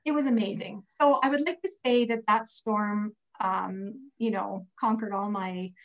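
A woman's voice: mid-range voice, steady tone, a little slow, poor audio. A woman recovering from pneumonia, telling a personal faith story in casual, earnest speech full of fillers. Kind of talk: casual testimony.

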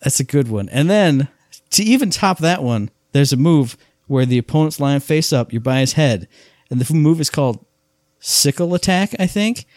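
A man's voice: fairly high pitch, normal speed, no echo, clean studio sound. Enthusiastic man rambling on a podcast. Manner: enthusiastic, rambling, animated storytelling. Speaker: podcast co-host. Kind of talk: casual chat.

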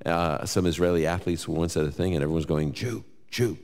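A man with a New York accent fields Bible questions before a live audience. His voice is very low, and he mixes scripture quotes with casual asides. A long hall reverb trails each phrase. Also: quick pace, smooth. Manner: conversational, lively, quotes scripture, jokes.

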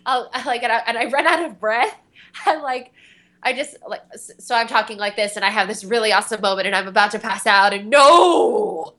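A woman's voice: fairly high pitch, steady tone, quick pace, bright, forceful tone. A young woman, a voice actress on a panel, telling rambling stories with lots of fillers and giggles. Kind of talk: casual convention panel talk.

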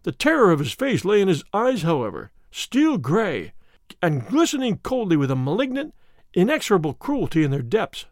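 A man narrating a classic story in the first person as an audiobook reader, in a measured and vivid way. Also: high-pitched, huge pitch swings, no echo, clean studio sound.

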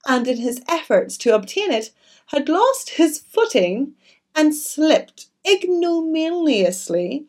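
Woman, audiobook reader with chatty asides, animated delivery. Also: high-pitched, takes it slowly. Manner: expressive, chatty. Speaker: audiobook narrator. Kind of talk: reading a classic novel aloud with chatty asides.

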